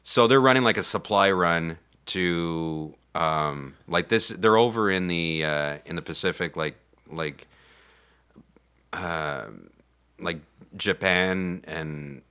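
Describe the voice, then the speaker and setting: A man's voice: low voice, slow, pushed and bright, smooth. A man co-hosting a podcast, recapping a movie in rambling casual chat with many fillers.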